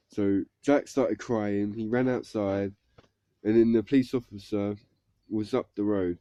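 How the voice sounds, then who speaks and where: A man's voice: fairly low pitch, fairly even intonation, a little slow, dark tone, dry recording. A young man telling a story casually, rambling with lots of fillers. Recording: dull lo-fi recording.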